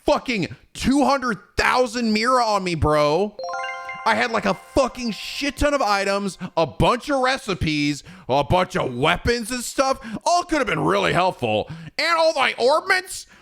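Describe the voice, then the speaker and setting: A young man streaming, chatting in an animated, profane way and laughing often. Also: high voice, unhurried, creaky, soft background music. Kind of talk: casual gaming chat.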